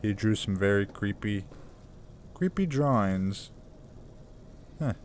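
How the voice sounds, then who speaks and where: A gaming YouTuber speaks slowly in a lowish, slightly mellow voice that's animated as he plays a survival horror game. His casual commentary is chatty and jumpy, broken by nervous laughs at the scares, and there's a little hiss or hum.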